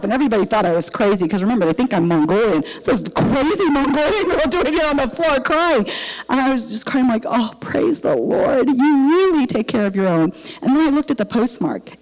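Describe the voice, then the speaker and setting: An older woman, a missionary speaker, giving an animated testimony in church and acting out the dialogue of her story. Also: a little high. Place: church sanctuary. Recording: long reverb of a church hall.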